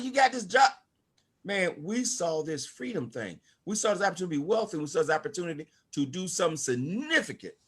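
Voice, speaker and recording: Older male speaker, high voice, preachy and emphatic, calling out to a video-call audience. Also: a bit bright, slightly rough. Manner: preachy, emphatic, calls out to listeners. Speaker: network marketing speaker. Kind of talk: motivational talk to an online audience.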